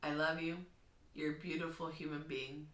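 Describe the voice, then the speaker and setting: Earnest teacher lady with a bright voice, pep talk vlog, roomy echo. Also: sits low, little pitch movement, moderate pace, recorded from a distance. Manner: earnest, encouraging, gently instructive. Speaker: kindergarten teacher. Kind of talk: heartfelt talking-to-camera vlog.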